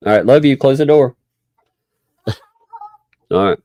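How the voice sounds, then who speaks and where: Hosting a relaxed live stream chat, this Oklahoma man has a medium-pitched, warm, animated voice and a measured pace. He wanders from topic to topic, chuckling a lot and thanking viewers. The audio is dry and close, with no echo.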